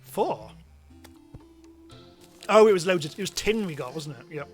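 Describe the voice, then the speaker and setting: A man giving chatty, self-mocking live commentary as he streams a game, now and then bursting into excited yelps. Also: fairly high pitch, a little slow, soft background music. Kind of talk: live let's-play commentary.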